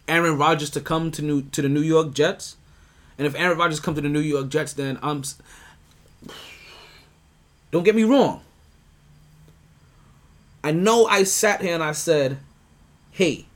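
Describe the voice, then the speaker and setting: A man hosting a sports podcast, talking in a loose, rambling way. His voice sits a bit high for a man. He trips over his own words, restarts often and breaks into laughs. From United States. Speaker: podcast host. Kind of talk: casual sports talk.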